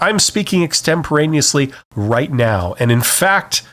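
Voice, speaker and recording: A man's voice: fairly high pitch, a little slow. A man hosting a solo advice podcast, speaking off the cuff and checking in with "okay?" after each point. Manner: animated, says "okay?" after most points; varies volume and speed to demonstrate. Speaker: podcast host. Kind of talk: unscripted solo advice talk.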